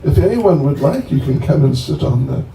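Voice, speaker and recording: A man's voice: a little high, lively intonation, vocal fry, warm tone. A man giving a chatty, joking talk that introduces a guest to devotees at a bonfire gathering. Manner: joking, chatty, slow and rambling. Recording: echoey, distant, faint ambient noise.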